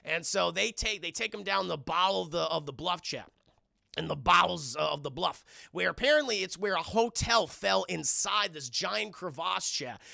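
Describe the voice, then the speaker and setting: A young man rambles through a crude, excitable film recap for his chat. His voice is high, bright and heavily gravelly. He speaks close to a microphone, and the sound is dry. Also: normal speed, dry recording. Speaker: streamer and film reviewer.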